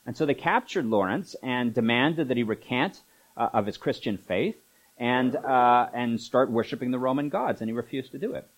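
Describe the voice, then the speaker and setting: A man delivers a sermon from the pulpit of a church. His voice sits at a middle pitch, and he speaks in a relaxed, conversational way, with frequent asides and small fillers. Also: normal speed, rough recording. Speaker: pastor.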